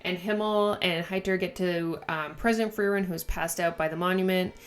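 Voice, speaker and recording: Gushing woman recapping a manga. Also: on the low side. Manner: gushing, animated storytelling with quick asides. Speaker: manga reaction host. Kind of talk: casual recap and reaction.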